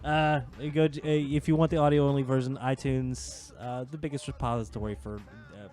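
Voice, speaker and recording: A man's voice: mid-range voice, fairly even intonation, fairly quick, a little mellow, faint music behind. Rambling jokey male podcast host. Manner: rambling, jokey, loose with filler. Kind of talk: casual chat.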